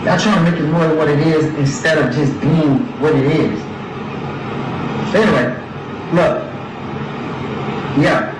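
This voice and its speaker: A man's voice: a little high, unhurried, pauses often. A man ranting in an agitated, profane, rambling way about accusations made against him, recorded as a clip. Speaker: person addressing allegations online. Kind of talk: heated rant. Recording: echoey, distant, noisy clip.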